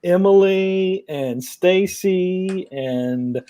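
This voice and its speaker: A man's voice: high voice, extremely slow, mellow. A man hosting a live paranormal stream, bantering upbeat with his guests over a video call. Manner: upbeat, bantering, laughs a lot. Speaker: host. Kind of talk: casual live-stream chat.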